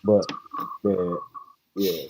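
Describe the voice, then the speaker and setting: A man in a casual reflective chat, speaking in a relaxed way and leaning heavily on "you know" fillers. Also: sits low, very slow. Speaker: panel guest. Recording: muffled lo-fi with faint noise.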